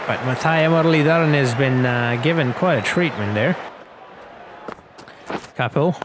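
A young man giving rambling, casual play-by-play commentary over a cricket video game, getting excited on big shots. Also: medium pitch, measured pace. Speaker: gaming commentator. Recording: loud crowd and game noise behind.

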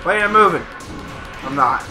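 A woman co-hosting a video game let's play, chatting casually and shouting excited exclamations at the screen. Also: lowish voice, normal speed, music in the background, low-quality recording. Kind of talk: casual gameplay chat.

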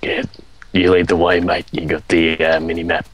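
A man's voice: sits low, monotone, moderate pace, a bit bright, a little hiss or hum. A young man putting on an Australian accent as an easygoing bloke, tagging lines with "mate" and "eh" while gaming. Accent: put-on Australian. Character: cheery young Aussie bloke gamer. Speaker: gamer. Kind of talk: joking gameplay chat in character.

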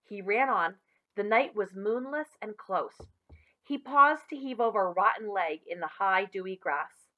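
A woman teacher reading a chapter book aloud to children, expressive and addressing them directly. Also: medium pitch, a little slow, narrow, tinny audio. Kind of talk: children's story read-aloud.

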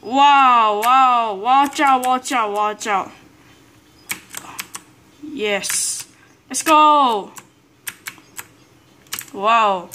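A high-voiced, excitable woman provides live gameplay commentary in broken English, drawing out her words and pausing often. She's full of exclamations and groans, with a little hiss or hum in the audio.

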